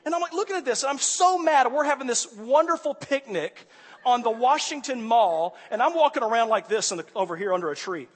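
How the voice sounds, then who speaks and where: A man preaching a sermon, telling a personal story with animated swings from quiet to loud exasperation. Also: extremely high pitch, fairly quick, slightly rough. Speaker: pastor. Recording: hall reverb.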